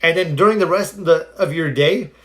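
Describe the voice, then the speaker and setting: Talking a little fast in a fairly high voice, a man on a casual live stream tells heartfelt, animated stories and gives motivational advice. He periodically stops to answer viewers' comments head-on.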